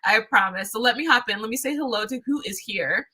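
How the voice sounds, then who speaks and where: A young woman hosts a live tarot stream in an easygoing, chatty way. Her voice sits fairly high and sounds bright and forward. She talks upbeat and warm to her viewers, often circling back to restart a phrase. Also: a little fast, breathy edge. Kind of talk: casual live-stream chat.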